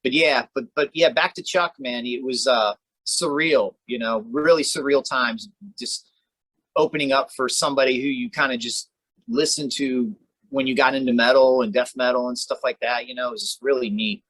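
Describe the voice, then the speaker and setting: A man's voice: mid-range voice, normal speed, fairly bright tone, no room sound, low-quality recording. A man co-hosting a podcast in casual chat, laid-back and rambling, swearing freely and tossing in "man" a lot. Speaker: podcast co-host.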